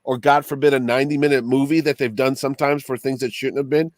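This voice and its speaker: A man's voice: medium pitch, fairly even intonation, fast talker, no room sound, clean studio sound. A man co-hosting a podcast, bluntly griping in casual chat and swearing freely. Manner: blunt, profane, exasperated. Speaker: podcast co-host.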